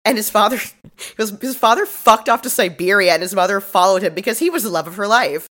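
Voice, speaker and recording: A woman's voice: mid-range voice, fairly quick, a bit bright. A woman co-hosting a podcast, telling the plot in an exasperated, sweary way with mock-dramatic quotes. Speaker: podcast co-host. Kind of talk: casual comedic recap.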